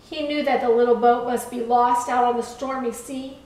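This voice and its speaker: A woman in a church setting reading a children's story aloud in a slow, expressive, kid-friendly way. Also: on the high side. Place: church room. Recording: echoey room, far from mic.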